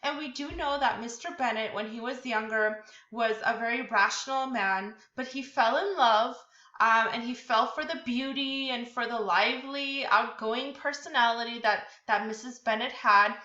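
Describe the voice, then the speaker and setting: A woman's voice: on the high side, normal speed, sharp tone. A woman teaching a literature lesson over slides in a casual, chatty way, full of fillers and restarts. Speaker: literature tutor. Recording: echoey room, dull lo-fi sound.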